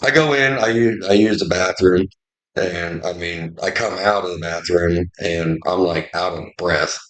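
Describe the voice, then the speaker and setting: A man's voice: deep voice, a little slow, fairly bright tone. A man co-hosting a podcast, telling a crude story in casual chat with plenty of jokes. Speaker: podcast co-host. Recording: roomy echo.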